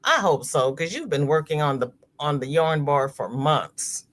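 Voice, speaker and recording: Her voice sits low and her delivery is unhurried as she hosts a crochet livestream. The woman chats casually, reads comments from viewers aloud, and laughs often with plenty of expression.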